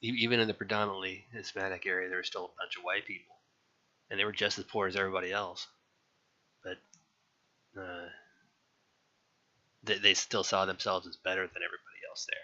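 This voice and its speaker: A man's voice: low-pitched, level tone, fairly quick, pauses often, sharp tone. A young man frankly recalling his childhood in a rambling, casual way, with many restarts and some swearing. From California. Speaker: interviewee. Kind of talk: casual personal recollection. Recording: dull lo-fi sound.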